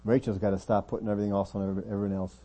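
A man preaching a sermon as pastor of a church, earnest, often dropping his voice quiet to make a point. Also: on the low side, level tone, very fast, soft background music.

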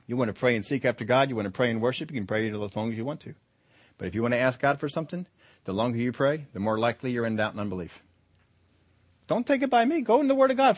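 A man's voice: medium pitch, no echo. Emphatic male preacher, dry sound. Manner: emphatic, rising to loud stresses and dropping to soft endings. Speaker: pastor. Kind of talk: sermon.

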